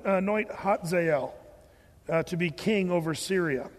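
A man with a high voice preaches a lively sermon, cracking jokes and acting out the voices in the story. His voice carries a long hall reverb. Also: unhurried. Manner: animated, joking, acts out quoted voices. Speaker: pastor.

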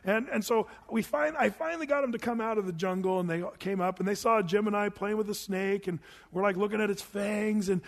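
A man's voice: high voice, fairly quick, hardly any pauses, in a large hall. A middle-aged man preaching a verse-by-verse sermon, telling stories animatedly and acting out voices. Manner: animated storytelling with acted-out voices. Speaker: pastor.

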